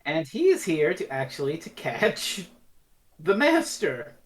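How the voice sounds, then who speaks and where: A woman co-hosting a casual review podcast, retelling scenes in an animated way and swearing freely. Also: low voice, takes it slowly. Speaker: podcast co-host.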